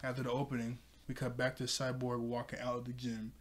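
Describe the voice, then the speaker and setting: A man's voice: medium pitch, monotone, brisk. Chatty man recapping a cartoon episode. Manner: chatty, laughs often, loose filler words. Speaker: show reviewer and channel host.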